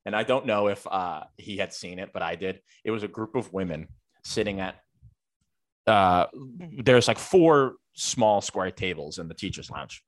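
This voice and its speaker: A man with a lower-pitched voice tells a rambling teacher's story in a casual chat, piling on fillers and swearing freely. The recording is dry and close, with no room sound behind it. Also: lively intonation, a little slow, no echo. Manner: rambling, filler-heavy, profane.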